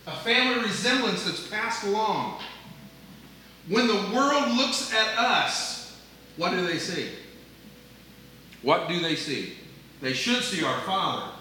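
An older male pastor preaches with a bright, slightly raised voice. He leans hard into emphasis, then drops into soft, quick asides. The sound is roomy and a little distant, as if caught from across a sanctuary. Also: high-pitched, expressive, a little hiss or hum. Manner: earnest preaching, swinging between loud emphasis and soft asides. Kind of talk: sermon. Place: church sanctuary. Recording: echoey room, voice from a distance.

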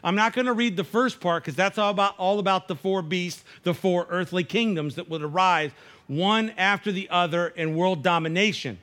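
High-voiced man preaching a sermon. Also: normal speed, fairly bright tone. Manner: conversational preaching, acts out dialogue, frequent restarts. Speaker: pastor.

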